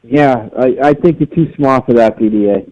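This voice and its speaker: A man's voice: mid-range voice, normal speed, warm tone, dry recording. A man calling in to a podcast, blunt and swearing a lot as he argues. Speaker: caller. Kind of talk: call-in phone chat. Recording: muffled phone line.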